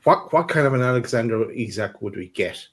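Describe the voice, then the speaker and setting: A man's voice: medium pitch, expressive, a little fast. Hesitant man co-hosting a fan debate. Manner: hesitant, restarts while picking up a point. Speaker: co-host.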